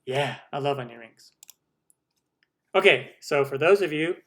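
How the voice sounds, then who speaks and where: A man's voice: medium pitch, animated, measured pace, fairly bright tone. A man hosting a cooking channel live stream, chatting casually with viewers, rambling and humming while he scrolls.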